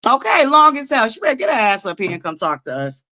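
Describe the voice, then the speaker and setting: A woman's voice: a little high, sing-song, fast talker, sharp tone. A woman hosting a live stream, chatty and swearing freely as she talks to her viewers. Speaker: livestream host. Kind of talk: casual live-stream chat.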